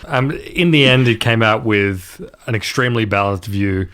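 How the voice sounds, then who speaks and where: A man's voice: on the low side, moderate pace, a bit bright. A man co-hosting a casual tech podcast who makes wry, sardonic remarks. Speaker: podcast co-host.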